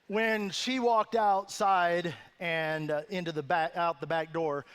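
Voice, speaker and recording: Guy pastor with a pretty high voice, chatty funny sermon story, keeps checking in with the crowd. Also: steady tone, takes it slowly, fairly bright tone, clear, resonant tone. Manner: conversational, self-deprecating storyteller with asides to the audience. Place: church sanctuary.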